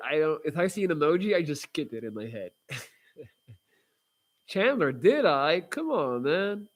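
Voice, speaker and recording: A man hosting a casual livestream, chatting with viewers in a rambling, blunt way with lots of fillers and restarts. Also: mid-range voice. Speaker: livestream host reading viewer comments.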